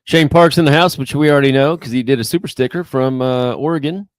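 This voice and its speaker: A man co-hosting a live show, reading out viewer questions and chat messages in a relaxed manner. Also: mid-range voice, fast talker, no echo, studio quality. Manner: reads questions and super chats, easygoing. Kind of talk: casual live-stream chat.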